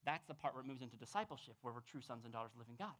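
A male pastor preaching a sermon in an emphatic way, dropping to hushed tones and rising to loud exclamations. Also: mid-range voice, expressive, racing.

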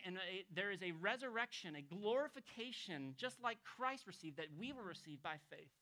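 A man who is a pastor, preaching a conversational expository sermon to a congregation, moving between emphatic raised points and soft, hushed passages. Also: high-pitched. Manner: storytelling, acting out quoted people.

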